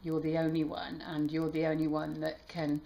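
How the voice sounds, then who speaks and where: A woman tarot reader talking warmly to her viewers, halting and emotional, with many restarts. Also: sits low, monotone, creaky, highs cut off. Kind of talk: casual heartfelt channel talk.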